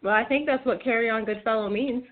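Woman co-host, bit high voice, teasing, phone-line sound. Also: quick pace. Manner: teasing, laughing. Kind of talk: casual radio chat.

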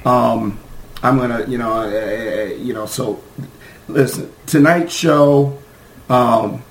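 A man hosting a sports podcast, hoarse from screaming, ranting in a fired-up, profane way with many fillers. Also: medium pitch, slow pace, echoey room, slight background noise, rough recording. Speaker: podcast host.

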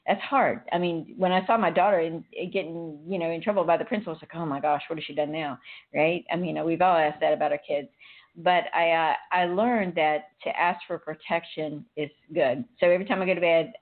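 A woman's voice: on the low side, brisk. A middle-aged woman hosting a casual spiritual chat, rambling and laughing often. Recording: phone-like narrow audio.

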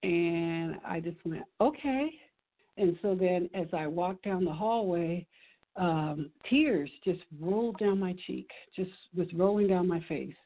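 A woman's voice: fairly low pitch, a little slow. Woman, middle-aged, earnest, emotional storytelling, tinny phone-like sound. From California. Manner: earnest, emotional, laughs often. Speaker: guest. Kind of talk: personal storytelling.

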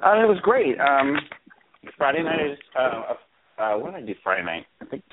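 A man chatting casually as a podcast co-host, relaxed and hesitant, with many fillers. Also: mid-range voice, moderate pace, slight background noise. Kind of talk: casual chat. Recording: tinny phone-line audio.

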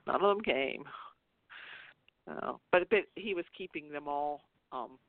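A woman's voice: low voice, lively intonation, slow, no room sound. A woman hosting a casual internet radio chat, talking in a rambling, chatty way with restarts and laughs. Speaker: show host. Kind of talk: casual chat about soap operas. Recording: tinny phone line, dry.

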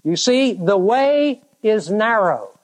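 Slow, deliberate preacher. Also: medium pitch, sing-song, low-quality recording. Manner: slow, deliberate, drawn-out emphasis on key words. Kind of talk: sermon.

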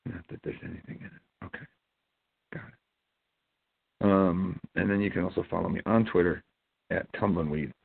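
A man's voice: sits low, steady tone, moderate pace, creaky, long pauses, husky. A man from Ohio hosting a casual internet radio show, rambling and hesitant with many fillers. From Ohio, USA. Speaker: host. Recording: dry tinny phone-line audio.

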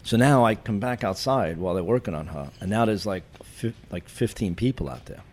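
A retired police chief telling wry, deadpan stories from his career in an interview. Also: fairly low pitch, brisk. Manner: wry, deadpan anecdotes with cop jargon. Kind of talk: storytelling in a podcast interview.

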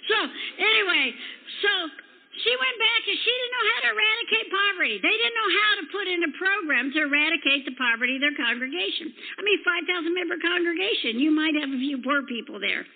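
A woman preacher telling a story in a sermon, emphatic and rambling, now and then shouting. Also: very high voice, lively intonation, fairly quick. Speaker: preacher and prophet. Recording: tinny phone-like sound.

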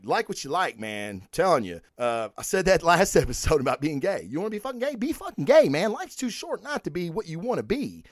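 A man's voice: a little high, dry recording, studio quality. A middle-aged man hosting a comic book vlog, ranting bluntly and swearing freely in casual commentary. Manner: blunt, animated, profane, ranting. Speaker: comic book vlogger host. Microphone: microphone and camera.

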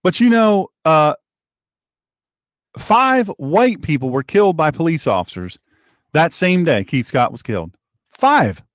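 A male talk show host delivers a heated, sarcastic monologue, his voice sitting a little high and swinging animatedly up and down. He often doubles back and repeats himself, and the sound is dry and close. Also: very animated, unhurried, pauses often, dry recording. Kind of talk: political commentary monologue.

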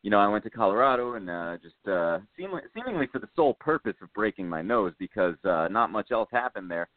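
A man's voice: lowish voice, lively intonation, fast, dry recording. A man in casual podcast chat, telling a story in a rambling way with many fillers. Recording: tinny phone-like dry sound.

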